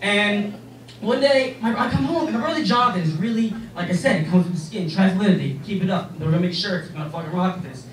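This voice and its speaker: A young man doing a stand-up set on a club stage, rambling and profane with animated asides. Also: high-pitched, fast, recorded from a distance, a little hiss or hum. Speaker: stand-up comedian. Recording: echoey room from afar, crowd.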